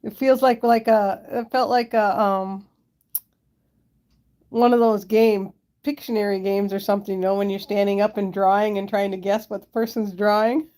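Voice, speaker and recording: Woman, casual live-stream chat, giggly, talks to her pets, mellow warm tone, phone held close. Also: medium pitch, level tone, normal speed. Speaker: pet owner hosting a live stream. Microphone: handheld phone camera held close.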